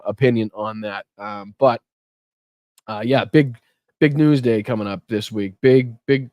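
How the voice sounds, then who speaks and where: A middle-aged man with a Boston accent is the host of a political livestream show, casually greeting viewers by their chat names and swearing freely. His mid-range voice has a darkish, clean tone on a dry recording. He broadcasts from a home room with the air conditioner running.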